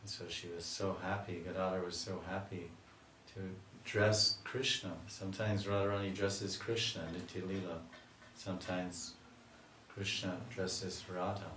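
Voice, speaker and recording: A man, a swami, telling a devotional story in a slow, lingering sermon style. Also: sits low, level tone, a bit bright, slight background noise. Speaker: swami giving a spiritual talk. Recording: echoey room, mic far off.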